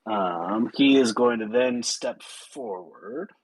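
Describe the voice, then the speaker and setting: A man narrating a tabletop game as game master, unhurried, with many fillers. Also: medium pitch, slight background noise, low-quality recording.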